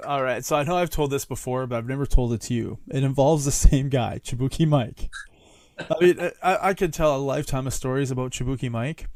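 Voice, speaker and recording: A man's voice: medium pitch, brisk, a little mellow, dry recording. A man hosting a podcast, casually telling a rambling story and laughing between lines. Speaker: podcast host. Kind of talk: casual chat.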